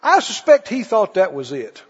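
A man's voice: high-pitched, wildly swooping pitch, moderate pace, husky. A man preacher delivering a fervent sermon and firing rhetorical questions at his congregation. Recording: dull recording with long hall reverb.

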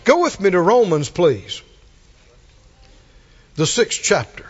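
A man preaching a sermon, drawing out his words and building to emphatic shouted refrains. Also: high-pitched, very animated, takes it slowly, husky, muffled recording.

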